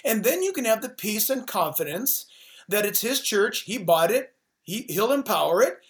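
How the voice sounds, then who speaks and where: A man's voice: sits high, sing-song. Pastor guy preaching hard in a chat, pounding on the same lines over and over. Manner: emphatic, rapid-fire repetition. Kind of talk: impassioned sermon-like talk.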